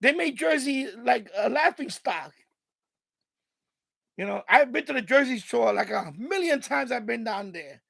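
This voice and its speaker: A man's voice: extremely high pitch, lively intonation, unhurried, gravelly, a bit bright, no room sound. A man with a New York accent, hosting a live stream and rambling casually with lots of laughter and restarts.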